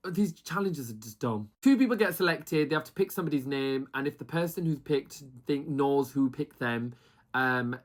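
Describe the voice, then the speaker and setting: A reality TV reviewer chatting casually with plenty of gossip and attitude. The delivery is animated, and it regularly breaks into high mimicked voices when quoting the contestants. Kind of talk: casual commentary with mimicked quotes.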